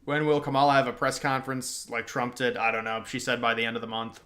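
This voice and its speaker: A young man talks casually at a mid pitch, reacting to comments as they come in. He uses slang and often trails off mid-thought, like a streamer chatting on his own. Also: flat delivery, quick pace, pushed and bright. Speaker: livestream host. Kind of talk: casual political livestream chat.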